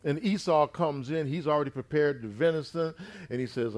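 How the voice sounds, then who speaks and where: Fairly high-voiced preacher retelling scripture. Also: male voice, fairly quick. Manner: storytelling retelling of scripture, repeated "amen"; swings between loud and quiet. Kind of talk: sermon.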